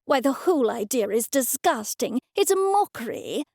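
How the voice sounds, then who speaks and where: A woman's voice: very animated, normal speed, vocal fry, darkish tone, no echo, studio quality, full character voice. A woman voicing a prim, pious older mother who scolds and takes offence. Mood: indignant. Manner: shrill, scolding and indignant.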